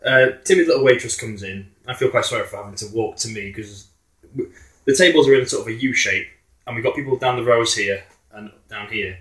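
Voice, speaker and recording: A man co-hosting a podcast, telling a story with animated indignation in casual chat. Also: mid-range voice, fairly quick. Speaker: podcast co-host. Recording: roomy echo.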